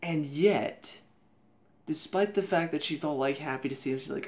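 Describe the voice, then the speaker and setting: A man's voice: medium pitch, steady tone, normal speed, gravelly. A man giving a casual spoken TV review, exasperated and ranting, mocking the characters in put-on voices.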